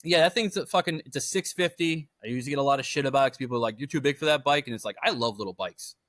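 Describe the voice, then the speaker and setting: A man talking fast and loose on a garage podcast, dropping curse words as he tells stories. His voice sits at a middle pitch, and the sound is close and dry. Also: a bit bright, no room sound. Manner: fast, profane storyteller, mimics others in quoted dialogue. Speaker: podcast co-host. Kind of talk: casual chat.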